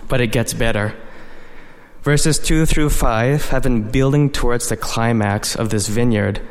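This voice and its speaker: A man's voice: medium pitch, measured pace. Man, sermon, earnest, verse-by-verse explanation, long reverb. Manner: earnest, explains verse by verse with frequent "you know". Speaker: preacher.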